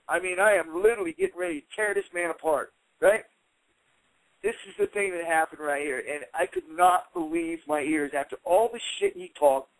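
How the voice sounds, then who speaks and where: A man's voice: high-pitched, dry recording, poor audio. A man in his forties, an interview guest and former fighter, telling a heated story and acting out what people said. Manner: animated, heated retelling with acted-out quotes.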